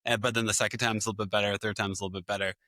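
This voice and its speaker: Quick bright-voiced male podcast host. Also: lowish voice, flat delivery, no echo, studio quality. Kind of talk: casual chat.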